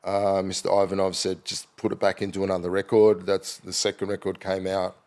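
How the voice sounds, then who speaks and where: A man's voice: sits low, completely flat delivery, brisk, a little mellow. A middle-aged Australian man, a podcast guest, telling loose anecdotes in casual chat with lots of fillers and restarts. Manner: rambling anecdotal storytelling with many fillers.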